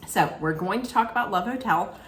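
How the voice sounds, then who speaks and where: A middle-aged woman recapping a reality show in a casual, rambling way, often correcting herself mid-sentence and throwing in animated asides. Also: medium pitch, a little fast. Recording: echoey room with faint ambience.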